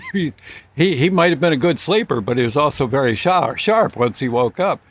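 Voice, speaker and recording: A man telling a long anecdote in a loose, halting way, with many restarts and small chuckles. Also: mid-range voice, expressive. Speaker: storyteller host. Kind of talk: casual storytelling.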